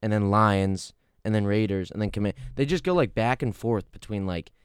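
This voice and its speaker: A man's voice: on the low side, moderate pace, clear, resonant tone, no echo, clean studio sound. A young man co-hosting a casual sports podcast, laid-back and rambling. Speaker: podcast co-host.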